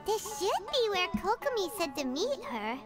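A tiny, eager fairy companion from a video game chirps in an extremely high, bouncy, childlike voice. Her squeaky lines leap all over, with loud game music playing underneath. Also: big pitch swings, normal speed. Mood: curious.

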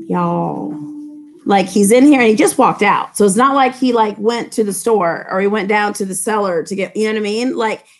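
A woman's voice: mid-range voice, creaky. A woman teacher reading a novel aloud to her students and explaining it in casual, chatty asides. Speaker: English teacher.

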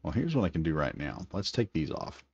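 A man's voice: low voice, very animated, a little fast, gravelly, a little mellow, husky, no room sound, muffled recording. A man giving casual, enthusiastic gameplay commentary, thinking aloud as he builds. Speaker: gaming video creator.

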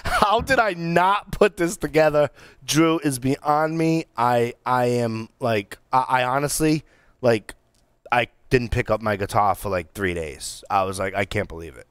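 Chatty man with a smooth voice. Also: mid-range voice, unhurried, no room sound, clean studio sound. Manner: excitable, animated storytelling with many restarts and fillers. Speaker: podcast co-host reviewing cigars. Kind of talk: casual chat.

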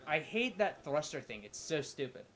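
Brief: man gaming commentator, bursts of swearing, high and very expressive, faint background hiss. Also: moderate pace. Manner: loud, swearing, frequent outbursts. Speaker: co-op gameplay commentator. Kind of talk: excited let's-play banter.

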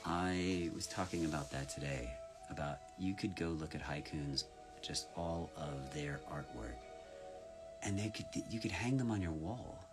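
Deep-voiced man chatting on a live stream. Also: measured pace, music in the background. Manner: chatty, playful, reads names aloud and spells them out. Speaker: voice actor signing fan orders on stream. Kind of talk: casual live-stream chat.

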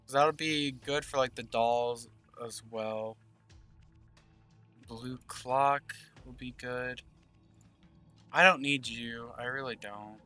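A man's voice: mid-range voice, fairly even intonation, takes it slowly, a bit bright, smooth, soft background music. A man giving casual gameplay commentary, thinking aloud and murmuring game text as he plays. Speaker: gaming channel host.

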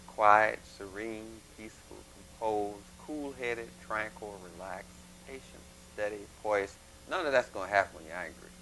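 A man giving a plain, instructive lecture, with folksy images and a halting delivery. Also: fairly low pitch, sharp tone, rough recording. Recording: faint mains hum.

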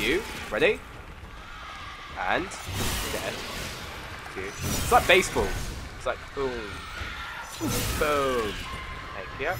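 A teenage boy commentating his own gameplay in a goofy, trash-talking way, sniffly from a cold, swinging from mumbled asides to excited yells. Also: mid-range voice. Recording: noisy home recording.

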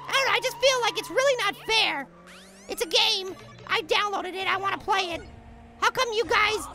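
A performer voicing a tiny, excitable male apple as host of a let's play, commenting on the game and talking straight to viewers. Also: very high voice. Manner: hyper, exclaiming, talks to viewers.

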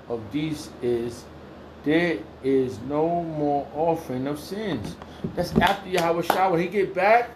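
A man reading and preaching from the Bible at home in an informal way. He rambles and repeats himself, swings between loud exclamations and low muttering, and talks in a crude, heated way. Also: gravelly, a little hiss or hum. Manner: repeats phrases, restarts often.

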